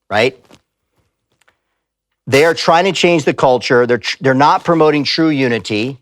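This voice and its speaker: Man, pastor, emphatic speaking, mid-pitched voice, dry close sound. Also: no room sound. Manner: emphatic, storytelling with quoted voices. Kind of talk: live church talk. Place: church sanctuary.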